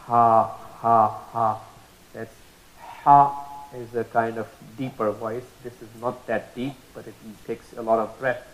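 A man's voice: medium pitch, steady tone, measured pace, dull audio. Patient male teacher in an echoey room. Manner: patient, repeats and drawls out letter sounds as demonstrations. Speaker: Quran recitation teacher. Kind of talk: explanatory lesson.

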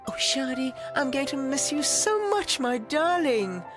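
A doting, effusive mother in a dubbed TV drama. Her voice is high and lively in pitch. A music score is heard behind her. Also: measured pace. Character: fond, fussing mother of the bride.

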